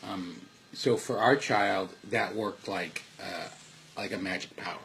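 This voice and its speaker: A man's voice: low voice, a little slow, creaky, fairly bright tone, a little hiss or hum. A man at home giving earnest parenting and life advice in a casual, rambling way, full of restarts. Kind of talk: casual spoken monologue. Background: dogs and household sounds faintly.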